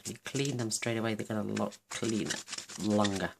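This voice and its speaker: A woman's voice: a bass voice, normal speed, vocal fry, noisy background. A woman hosting a card-making tutorial, chatting casually and gushing over her work as she thinks aloud. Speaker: craft channel host.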